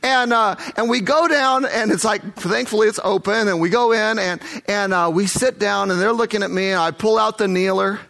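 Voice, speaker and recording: A man's voice: sits high, normal speed, creaky, hardly any pauses, fairly bright tone, faint music behind. A man working as a missionary tells a first-person testimony story, earnest and vivid, acting out the dialogue.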